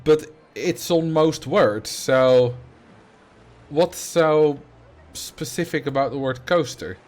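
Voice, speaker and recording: A game streamer, a native Dutch speaker with a Dutch accent, chats casually on his livestream and answers chat, laughing easily and frequently restarting sentences. His voice is fairly high, slow-paced, and a little mellow.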